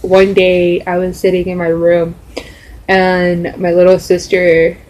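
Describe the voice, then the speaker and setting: A woman's voice: lowish voice, monotone, takes it slowly, darkish tone, poor audio. A young adult woman telling a story in a casual, rambling vlog style, full of fillers. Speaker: vlogger.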